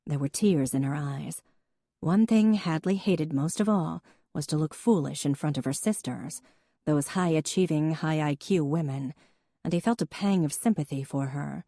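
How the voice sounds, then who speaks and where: Woman narrator, steady measured audiobook read, low and mellow, dry close sound. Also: no echo. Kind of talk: scripted narration.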